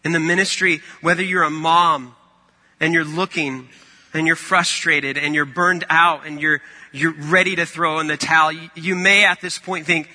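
Bright-voiced preacher in a reverberant hall. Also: male voice, a little high, fairly even intonation, moderate pace. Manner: conversational, storytelling with acted-out quotes. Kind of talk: sermon.

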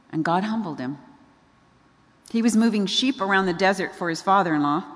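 A woman preaches a sermon in a conversational, questioning way. Her voice sits on the low side, and her words trail off into the long reverb of a large hall. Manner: conversational, asks the audience questions.

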